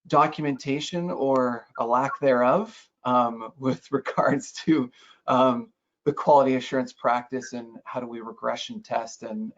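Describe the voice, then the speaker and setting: Man, mid pitch, gravelly, steady, muffled audio. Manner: steady, explanatory, with fillers. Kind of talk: panel introduction.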